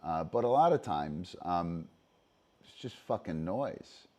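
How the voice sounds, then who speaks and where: Deep and darkish, his voice is expressive and slow. The man hosts a dog-training livestream as a disc dog trainer, giving casual, profane explanations stuffed with fillers and "right?" tags.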